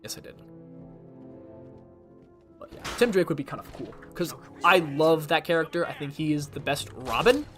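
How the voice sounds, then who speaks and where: With music playing behind him, a young streamer talks casually over his game, using lots of fillers and leaving long pauses. His voice runs high and animated at a normal pace.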